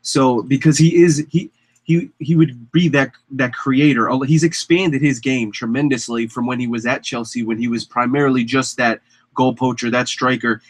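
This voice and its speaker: A young man co-hosting a casual sports radio chat, measured and analytical, often dropping his voice. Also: mid-range voice, fairly even intonation, no room sound. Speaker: co-host. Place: radio studio.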